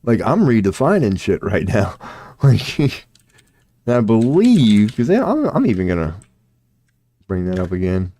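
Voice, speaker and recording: A man's voice: lowish voice, huge pitch swings, measured pace, pauses often, warm tone. A young man streaming live, talking to himself and his chat in a rambling, self-deprecating way, full of slang and swearing. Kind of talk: casual livestream monologue.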